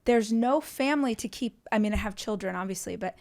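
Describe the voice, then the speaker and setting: Female host, middle-aged, rambling conversational delivery, middle pitch. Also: fairly quick, creaky, darkish tone. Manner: rambling, restarts thoughts, many "like"s. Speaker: podcast host. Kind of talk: casual interview conversation.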